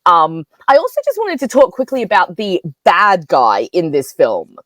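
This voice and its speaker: A woman co-hosting a film review podcast, chatty and full of fillers. Her pitch rises and falls a lot as she talks. The sound is close and dry, with no room echo. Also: moderate pace. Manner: chatty, animated, many fillers. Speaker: podcast co-host. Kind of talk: casual film review chat.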